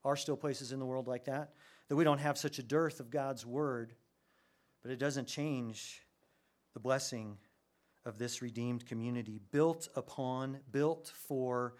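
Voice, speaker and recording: A man preaching a sermon, animated, with his voice rising sharply when he gets excited. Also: medium pitch, measured pace. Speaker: pastor.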